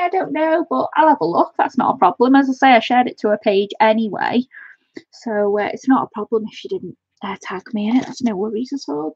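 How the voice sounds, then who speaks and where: A woman talks on a live stream with a slightly husky, breathy voice. She gushes with excitement and keeps thanking her viewers by name. The audio is dry and a little dull, like lo-fi stream sound. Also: medium pitch, no echo. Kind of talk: casual live-stream chat.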